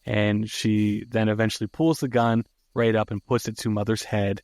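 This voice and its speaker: A man's voice: on the low side, little pitch movement, normal speed, a little mellow, no echo. A man hosting a podcast who casually recaps a movie plot, swearing freely and using lots of fillers. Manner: casual, profane, many fillers. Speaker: podcast host.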